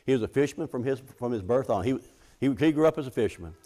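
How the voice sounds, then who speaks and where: A man's voice: mid-range voice, expressive, quick pace, dark tone. A middle-aged man preaching a sermon in a folksy, conversational way, often restarting his sentences and acting out the scripture quotes.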